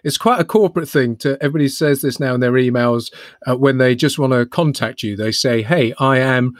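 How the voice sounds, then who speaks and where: A man's voice: mid-range voice, fast talker, no room sound, studio quality. A man co-hosting a podcast, running a music quiz and giving rambling clues with a laugh. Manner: jokey, laughs often, gives rambling clues. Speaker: podcast co-host and quizmaster. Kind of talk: casual quiz chat.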